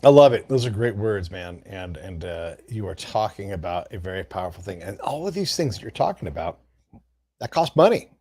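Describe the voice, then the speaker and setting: A man hosting a podcast, talking energetically with quick asides and restarts in a casual conversation. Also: low voice, sing-song, darkish tone. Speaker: podcast host.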